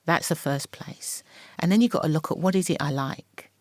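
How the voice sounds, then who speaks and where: A middle-aged English woman, a podcast guest, talking in a lively, storytelling way and acting out the voices she quotes. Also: sits low, normal speed, no room sound. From England. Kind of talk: casual interview chat.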